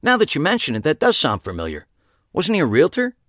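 A man's voice: on the high side, wildly swooping pitch, quick pace, fairly bright tone, dry recording, clean studio sound, pitched above the performer's own voice, full character voice. A man voicing a puzzled, curious fellow who asks bewildered questions.

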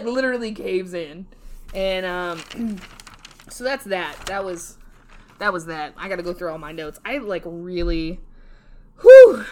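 A young woman co-hosting a podcast, talking in a loose, meandering way. She laughs often, trips over her words and restarts, and swears casually. She keeps making fun of herself. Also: medium pitch. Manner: rambling, self-deprecating, giggly, swears casually. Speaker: podcast co-host. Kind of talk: casual solo podcast rant.

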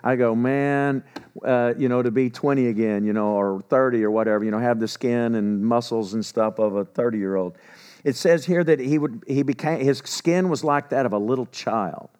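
A man's voice: medium pitch, normal speed, clear, resonant tone. A man, teaching Bible passages in a folksy, conversational way and acting out the people in the story. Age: 60s. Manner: folksy, paraphrases scripture in a lively conversational voice.

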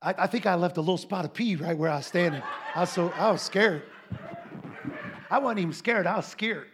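A man preaching a sermon as a comic story, animated and laughing, often acting out voices. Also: high-pitched, brisk, background noise.

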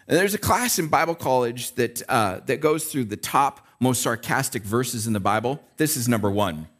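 A male pastor delivers a sermon in a relaxed, conversational way, often checking in with listeners by asking "right?" His mid-range voice is animated and a bit bright, moving at a moderate pace with hardly any pauses.

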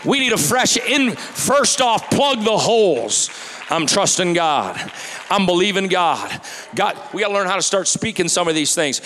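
A male pastor delivers an animated sermon in a slightly high voice. He mixes scripture with playful acted-out examples. His voice carries a long reverb from a large church hall. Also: unhurried, a little hiss or hum. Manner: animated preaching, quoting scripture, acting out worriers and birds.

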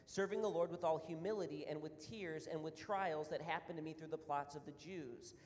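A man preaching a sermon as a pastor, reading scripture aloud and then explaining it in an earnest, emphatic way, a little out of breath. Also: a little high. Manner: earnest, rising to emphatic repetition. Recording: long reverb of a hall.

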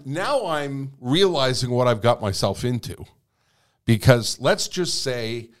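A man spins a long personal anecdote in a relaxed, conversational way. His pitch swings widely as he slips into the voices of the people in the story, and he swears freely and laughs along the way. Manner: animated, acts out dialogue with swearing and laughter. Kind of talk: casual anecdote telling.

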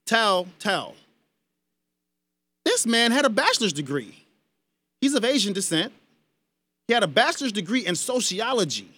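Male talk radio host, very high and bright voice, emphatic and heated, dry studio sound. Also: very animated, moderate pace, pauses often, breathy edge, no echo. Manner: emphatic, heated, addresses listeners as y'all. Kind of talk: impassioned talk radio commentary.

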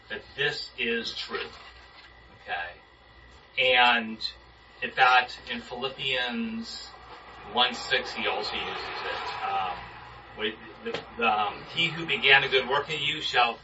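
In a muffled recording made from across a room, a Bible study leader with a medium-pitched, sharp-toned voice leads a small group through an informal sermon discussion. He talks casually and keeps putting questions to the group, with slight noise in the background.

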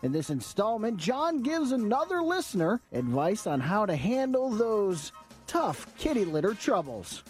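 Man announcing a radio rewind segment, breezy, playful, lively pitch, faint music. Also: a little slow. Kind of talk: scripted radio segment hosting.

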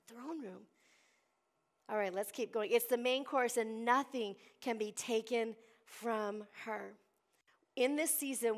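High-voiced woman pastor preaching. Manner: preachy call-and-response, acts out Bible voices. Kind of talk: sermon.

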